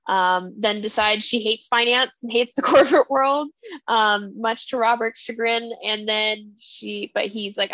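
With a mid-range, steady, slightly slow and somewhat bright voice, a female book-podcast co-host recounts the story with feeling and acts out small quoted lines. The recording has no room sound.

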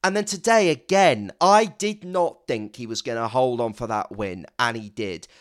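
A man co-hosting a podcast, talking in an emphatic, animated way with self-mocking asides. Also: medium pitch, normal speed. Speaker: podcast co-host. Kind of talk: casual chat.

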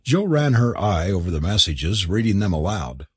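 A man's voice: sits low, sing-song, normal speed, a bit bright, breathy edge, no room sound, studio quality. A man narrating an audiobook, telling the story expressively and switching into voices for the characters.

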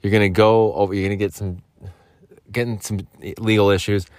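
A man's voice: lowish voice, little pitch movement, fairly quick, clear, resonant tone, no room sound, studio quality. A young man in his twenties rambling and joking as a podcast host in a vocal booth, swearing now and then. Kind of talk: casual solo podcast chat.

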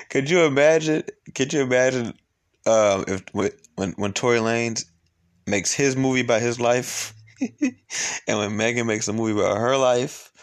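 Man, casual reaction commentary, slangy, mid-pitched voice. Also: measured pace, long pauses. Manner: loose, slangy, laughing asides. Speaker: commentary host.

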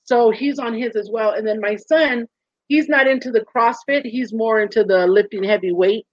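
A woman's voice: on the high side, moderate pace, no room sound. A woman in her thirties, a guest in a candid interview, talking earnestly and animatedly and acting out voices in her stories. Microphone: video call. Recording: dull muffled lo-fi sound.

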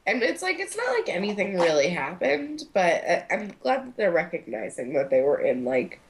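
A woman's voice: on the low side, big pitch swings, moderate pace, a little hiss or hum. A young woman co-hosting a podcast, chatting casually as she recaps a TV episode, with lots of fillers and acted-out quotes. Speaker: podcast co-host.

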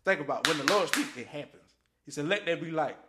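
A man's voice: a little high, fast, heavy background noise. A man co-hosting a casual podcast, telling Bible stories animatedly and acting out voices. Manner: animated storytelling, acts out voices and shouts. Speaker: podcast co-host. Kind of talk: casual faith chat.

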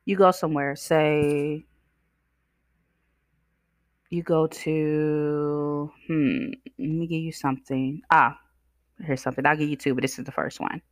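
A woman's voice: sits low, fairly even intonation, unhurried, pauses often, dry recording, studio quality. A woman hosting a self-help podcast, talking conversationally and asking the listener questions. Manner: acts out voices in her stories. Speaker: podcast host. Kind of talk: motivational self-help talk.

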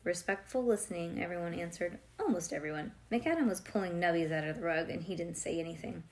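A woman's voice: on the low side, quick pace. A young woman reading a children's book aloud, breaking off now and then to chat and joke with someone close by. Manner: lively, breaks off to chat and joke with a listener nearby. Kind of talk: reading a storybook aloud with asides.

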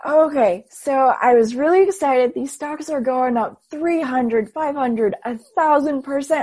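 A woman in her twenties, a guest telling her story in a casual, animated way and acting out her own past thoughts. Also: high voice, unhurried, few pauses, dry recording. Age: 20s. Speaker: interview guest.

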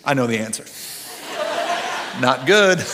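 A middle-aged man, preaching a conversational sermon that swings from quiet and earnest to loud, animated bursts. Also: medium pitch, takes it slowly, a little hiss or hum. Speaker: pastor.

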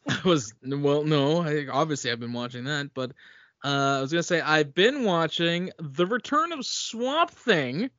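A man hosting a casual podcast, talking in a slightly raised, bright and forceful voice. He rambles and restarts his sentences, laughing easily between thoughts. The recording is dry and dull, with a lo-fi sound. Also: fairly high pitch, lively intonation, unhurried, no echo. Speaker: podcast host. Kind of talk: casual chat.

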